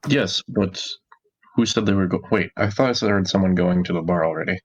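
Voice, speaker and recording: Male tabletop player, very deep voice, muffled lo-fi mic. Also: fairly quick. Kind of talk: playing a tabletop game.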